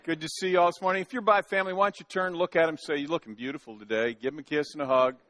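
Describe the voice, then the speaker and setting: A man's voice: sits high, very fast, a bit bright. A male pastor preaching a sermon in a church, folksy and joking, often restarting his sentences. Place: church sanctuary.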